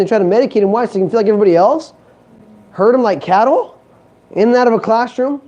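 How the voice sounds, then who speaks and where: A man's voice: high-pitched, highs cut off. A man giving a live motivational talk on a conference stage, joking and asking the audience questions. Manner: animated, joking, asks the crowd questions. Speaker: motivational speaker.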